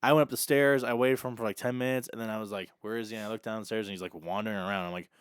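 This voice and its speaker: Young guy, podcast co-host, spins an animated story, smooth clear voice. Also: fairly low pitch, very fast, no room sound, clean studio sound. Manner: animated, acts out quoted dialogue. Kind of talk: casual storytelling chat.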